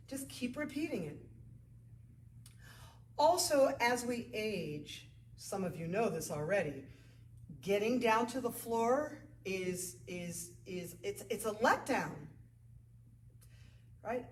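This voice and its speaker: A woman leading a yoga class, counting poses and breaths and encouraging her students. Her voice sits a little high and comes from some distance off the mic. The echoey studio around her rings. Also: slight background noise. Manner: counts out breaths and moves, then encouraging asides. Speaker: yoga instructor. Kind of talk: guided yoga class instruction.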